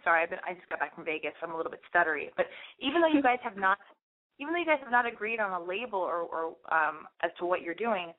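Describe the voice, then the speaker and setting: A woman's voice: mid-range voice, animated, fast. A woman hosting an advice show, giving a caller frank, blunt advice and acting out sample lines. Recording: phone-like radio audio.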